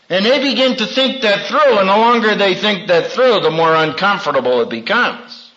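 A man preaching a sermon in a dramatic way, acting out quotes with big swings in pitch. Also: lively intonation, moderate pace, few pauses, bright, forceful tone, muffled recording.

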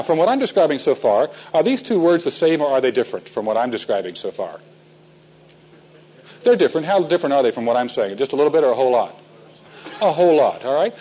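A man's voice: on the high side, warm tone, husky, highs cut off. A man teaching a men's Bible class in a folksy storytelling way, asking his listeners questions.

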